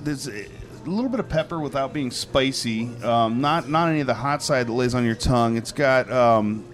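A man's voice: medium pitch, normal speed. Enthousiaste man die vertelt in een podcast. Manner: easygoing, enthusiastic, rambling descriptions. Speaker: co-host. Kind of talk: casual chat.

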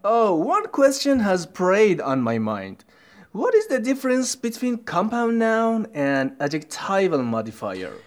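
A man's voice: sits high, huge pitch swings, a little slow. A man co-hosting a scripted language lesson as the learner, curious and hesitant, often stopping with ums. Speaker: co-host playing the learner.

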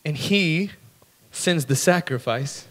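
A man's voice: a little high, expressive, slow, a bit bright. A man preaching a sermon to a live audience in a conversational, storytelling way, acting out voices and asking the crowd questions. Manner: storytelling with acted-out voices and laughs. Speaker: pastor.

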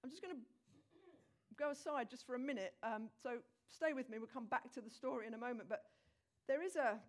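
Briskly and at a fairly high pitch, a woman preaches, turning a scripture story into a lively, conversational telling addressed straight to the congregation.

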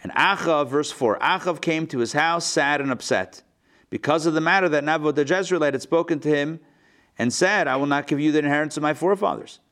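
A rabbi teaching a live class, reading a text aloud and explaining it in a lively, playful way, acting out the quotes. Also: male voice, fairly high pitch, fairly quick. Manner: lively, acts out the quotes with playful modern paraphrase.

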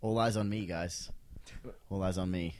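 A man co-hosting a casual podcast, joking and teasing his friends with deadpan asides. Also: deep voice, normal speed. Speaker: podcast co-host. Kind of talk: casual banter. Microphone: studio mic, one shared channel.

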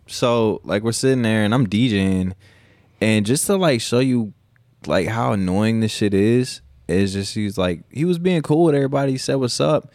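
A man's voice: lowish voice, moderate pace, a little mellow, no room sound. A man co-hosting a podcast, telling stories in a laid-back, profane, casual way. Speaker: podcast co-host and DJ. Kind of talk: casual chat.

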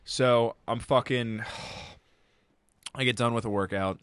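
A young man telling a story on a podcast in a crude, deadpan way, swearing freely. His voice sits at a middle pitch and is recorded close and dry, with no room around it. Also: slow, clean tone, dry recording. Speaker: podcast co-host. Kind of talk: casual storytelling.

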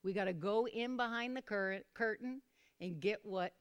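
A woman preaching a sermon to a small group, repeating phrases and calling for responses, sometimes bursting into loud, fervent exclamations. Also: mid-range voice, normal speed, smooth. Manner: repetitive, calls for responses from listeners.

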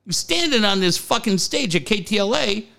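A middle-aged man, co-hosting a sports talk show and telling stories in an excitable, profane way. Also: high-pitched, fairly quick, creaky. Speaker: sports radio co-host. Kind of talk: casual chat.

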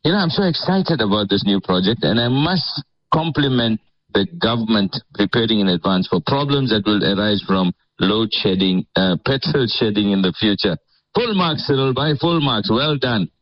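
A man's voice: on the low side, animated, normal speed. A man giving sarcastic, mock-enthusiastic radio commentary, chuckling as he talks. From South Africa. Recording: slightly dull lo-fi audio.

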